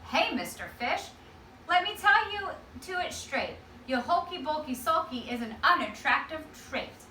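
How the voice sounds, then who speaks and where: A blunt, straight-talking octopus, read by a woman in a storybook. The voice is high and bright, with a roomy echo from far off. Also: very animated, unhurried, slight background noise, exaggerated voice. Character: blunt eight-armed octopus. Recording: echoey classroom from far off.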